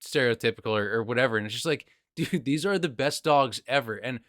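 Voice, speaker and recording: Enthusiastic young host, very dry sound. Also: male voice, mid-range voice, fairly quick, dry recording. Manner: animated, enthusiastic, says "dude" and "like" a lot. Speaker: podcast host. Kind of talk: casual chat.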